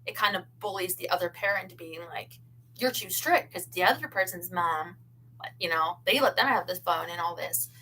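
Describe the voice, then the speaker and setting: A woman's voice: fairly low pitch, brisk, sharp tone, breathy edge, rough recording. A woman co-hosting a casual chat, talking with lots of fillers and breaking into frequent laughter. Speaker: podcast co-host.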